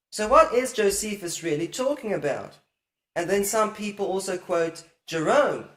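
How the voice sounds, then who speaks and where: A man with a voice that sits high gives a patient, explanatory lecture on Hebrew grammar over slides. He often asks rhetorical questions and checks that his listeners are following.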